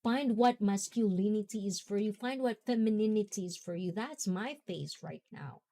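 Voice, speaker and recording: A woman's voice: mid-range voice, normal speed, mellow, slight background noise. A young woman hosting a casual talk, rambling and chatty, often laughing. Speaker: host.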